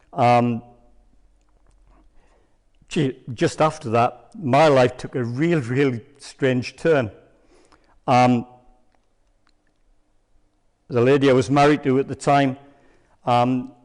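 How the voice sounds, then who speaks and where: An older man giving a church testimony as a rambling, hesitant storyteller with many pauses and ums. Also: medium pitch, darkish tone. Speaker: church speaker. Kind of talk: sermon testimony.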